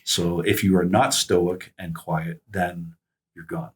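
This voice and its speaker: Middle-aged male guest, deep husky voice, halting reflective storyteller. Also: fairly even intonation. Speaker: podcast guest. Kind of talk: casual conversation.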